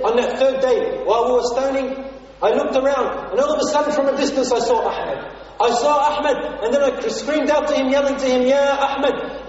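High-voiced preacher in an echoey hall. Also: male voice, darkish tone. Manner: earnest, emotive retelling with quoted dialogue. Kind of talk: sermon storytelling. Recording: echoey distant hall recording, dull.

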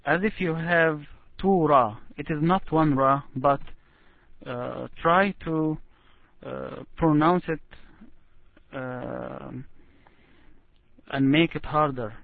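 A man's voice: fairly high pitch, gravelly, no echo. Patient male recitation teacher over a tinny call. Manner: patient, slow, demonstrates words drawn out. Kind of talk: one-on-one recitation lesson. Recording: tinny phone-like line.

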